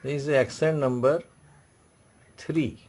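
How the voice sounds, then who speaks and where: A male teacher walks through French marks in that is not his tongue, sounding words out and repeating them. His voice sits at an ordinary middle pitch, and he explains in a patient classroom manner. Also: steady tone, a little mellow. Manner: repeats words slowly, explaining in non-native English. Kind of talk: classroom lesson.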